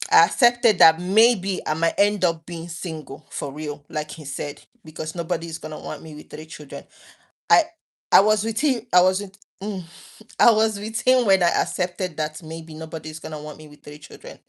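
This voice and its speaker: A woman's voice: on the low side, normal speed. A woman in her thirties, talking earnestly and emotionally to her viewers late at night, often restarting her sentences. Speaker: vlogger.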